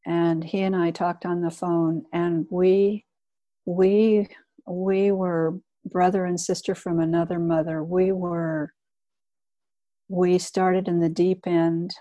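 A woman's voice: lowish voice, little pitch movement, takes it slowly, mellow, dry recording, muffled recording. An older woman who works in hospice, talking candidly about her work in an earnest storytelling way. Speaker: hospice worker. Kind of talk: reflective personal talk.

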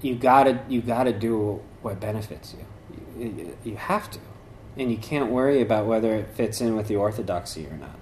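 A man with a fairly low, slightly mellow voice gives a casual dharma talk at normal speed, rambling with many fillers and restarts. He acts out voices as he tells his stories, and there's a bit of background noise.

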